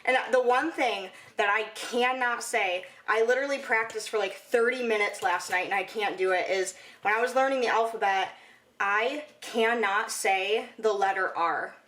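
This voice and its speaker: In her casual home vlog, a young woman from Michigan rambles on with lots of "like" and "you know," her Michigan American accent clear. She speaks at normal speed in a mid-range, fairly bright voice over poor audio.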